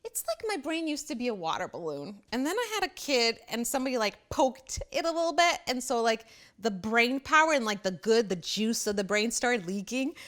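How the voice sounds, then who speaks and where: A middle-aged woman hosting a parenting show, talking casually and bluntly straight to the camera, quick to poke fun at herself. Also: fairly high pitch, very animated, a bit bright. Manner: blunt, self-deprecating, chatty. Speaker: parenting host.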